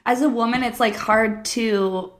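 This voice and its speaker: A woman co-hosting a casual podcast, giggly and emphatic, quick to agree and react. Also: a little high, steady tone. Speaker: podcast co-host.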